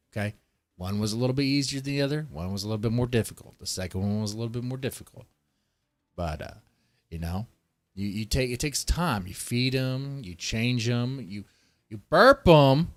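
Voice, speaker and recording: A man's voice: fairly low pitch, fairly bright tone, no echo. A man hosting a livestream, rambling in casual, profane commentary and talking straight to his chat. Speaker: livestream host.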